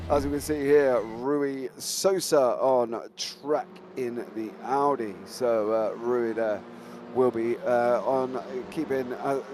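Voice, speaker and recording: A man's voice: mid-range voice, background noise. A man doing live sim racing commentary in a chatty way, full of fillers and calling his co-host mate.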